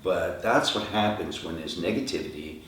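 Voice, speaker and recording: A middle-aged man, a rock singer, telling lively stories in an interview and acting out the voices of the people in them. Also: low voice, moderate pace. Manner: animated anecdotes, acting out quoted dialogue. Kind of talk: storytelling interview answers. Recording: echoey room, from far off, faint noise.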